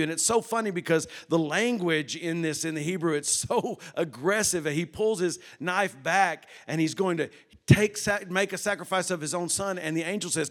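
A man preaching a sermon, moving from hushed tones to loud emphasis and asking the congregation questions. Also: on the high side, moderate pace.

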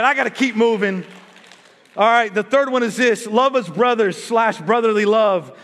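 A man preaching a sermon as pastor, energetic and joking with his congregation. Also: sits high, moderate pace. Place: church sanctuary. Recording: reverberant church hall.

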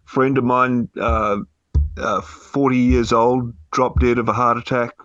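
A man's voice: medium pitch, level tone, unhurried, fairly bright tone, no room sound, muffled recording. A man on a political panel, telling anecdotes in an easygoing way with chuckles. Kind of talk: casual panel discussion.

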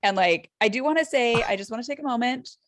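A woman in her thirties co-hosting a podcast, telling a story in casual chat, animated and full of fillers. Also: fairly high pitch, fast, dry recording, clean studio sound. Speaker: podcast co-host.

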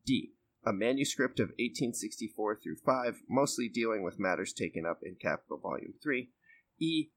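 A man's voice: lowish voice, lively intonation, moderate pace, a bit bright. A young man on a podcast who reads a history text aloud and breaks off into loose, rambling chat full of fillers. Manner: reads steadily, then rambles with fillers and swearing. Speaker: podcast co-host reading aloud.

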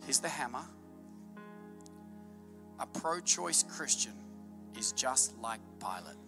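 A man preaching a sermon to his congregation, swinging between hushed asides and loud, fervent peaks. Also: medium pitch, very animated, slow pace, over music. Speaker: pastor.

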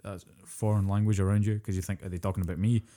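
A young man rattles along at a brisk clip in casual podcast chat. His voice sits low and mellow, and he rambles, blunt and quick to swear. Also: flat delivery. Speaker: podcast co-host.

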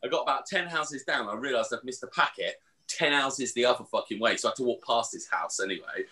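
Animated, sweary man. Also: medium pitch, fast talker. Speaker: podcast co-host. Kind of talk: casual chat.

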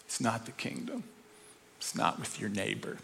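A man teaching a sermon, animated and full of rhetorical questions, sometimes acting out voices. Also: lowish voice, moderate pace, vocal fry, in a large hall, slight background noise. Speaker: speaker.

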